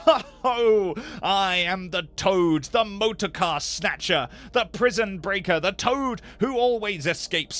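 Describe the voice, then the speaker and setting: A man's voice: high-pitched, fairly bright tone, pitched above the performer's own voice. A man voicing a boastful, reckless male toad disguised as a washerwoman, swaggering and gleeful in a storybook reading.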